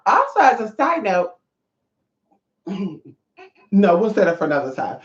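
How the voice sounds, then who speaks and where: Spiritual teacher for a vlog: brash, profane and sassy, recorded in an echoey room with slightly dull sound. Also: mid-range voice. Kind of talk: casual vlog monologue.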